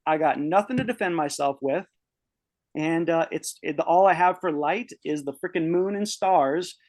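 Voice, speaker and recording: A young man with a slightly high voice tells a personal story in casual podcast talk. He is profane and animated. When he quotes his own outbursts, he shouts them. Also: normal speed, no echo. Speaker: podcast guest.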